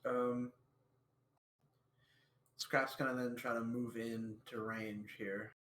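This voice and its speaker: A man playing a tabletop game, describing his character's moves in a relaxed, hesitant way. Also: mid-range voice, slow pace, reverberant, a little hiss or hum. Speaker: player. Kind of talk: casual tabletop play.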